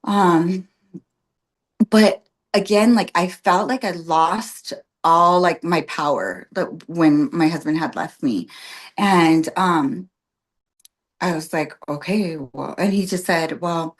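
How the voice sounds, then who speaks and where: A woman's voice: fairly low pitch, slow pace. A woman guest on a podcast telling her birth story in casual chat, with many fillers like "like" and "um", acting out what others said. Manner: chatty, full of "like" and "um", acts out quoted voices.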